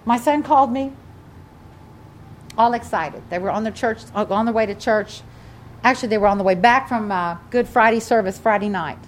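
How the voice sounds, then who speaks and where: With a somewhat high voice at a moderate pace, an older woman pastor delivers a fervent sermon, sharing a family story with her congregation with rising emphasis. She's a grandmother, and a little background noise can be heard.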